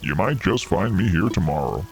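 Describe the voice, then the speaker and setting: A man voicing a small lab mouse villager through a voice changer that drops his voice deep, slow and contented. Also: animated, soft background music. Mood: lazy contentment. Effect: voice changer lowering pitch.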